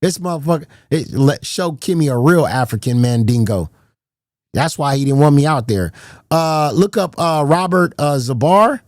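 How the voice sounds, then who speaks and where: A man hosting a livestream, talking in a rambling, profane, animated way with many restarts. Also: on the high side, normal speed, dry recording, studio quality. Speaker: livestream host. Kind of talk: casual livestream chat.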